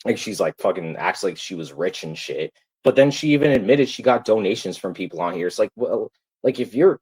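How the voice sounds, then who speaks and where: This livestream rant comes through a rough recording: a man with a lowish, somewhat mellow, breathy voice angrily repeats himself to viewers, swearing heatedly.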